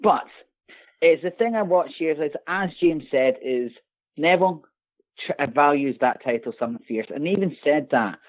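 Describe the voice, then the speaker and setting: Scottish male co-host, animated and sarcastic, tinny call audio. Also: a little high, moderate pace. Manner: animated, ranting, sarcastic asides. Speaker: podcast co-host. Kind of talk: casual podcast chat. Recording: tinny phone-like call line.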